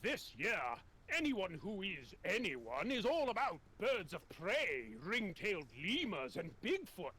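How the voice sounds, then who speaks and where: A man's voice: sits high, big pitch swings, a little slow, bright, forceful tone, slightly rough, heavily acted. A man with a British accent voicing a haughty, theatrical stage actor in a comedy game.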